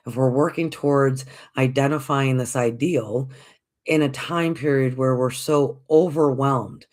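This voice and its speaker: Speaking at medium pitch, a podcast host offers a gentle, encouraging spiritual reflection. The host repeats phrases, poses rhetorical questions, and addresses listeners as folks.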